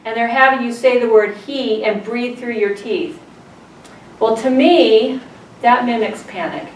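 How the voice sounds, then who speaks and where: A woman's voice: on the high side, a little slow. A middle-aged woman teaching a childbirth class, telling stories and putting questions to her students. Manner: storytelling, asks the class questions. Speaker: childbirth educator. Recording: roomy, distant, faint room noise.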